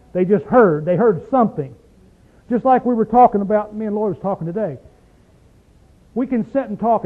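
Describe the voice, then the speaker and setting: A man preaching a sermon in a small room in an emphatic, folksy way, recorded on tape. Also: high-pitched. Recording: tinny phone-like tape recording.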